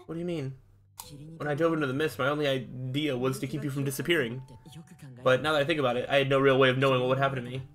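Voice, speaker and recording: A man's voice: medium pitch, little pitch movement, rapid-fire, a bit bright. A man streaming a game, reading all the characters' lines aloud himself and breaking off to react. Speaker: gameplay streamer. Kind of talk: reading game dialogue aloud while playing.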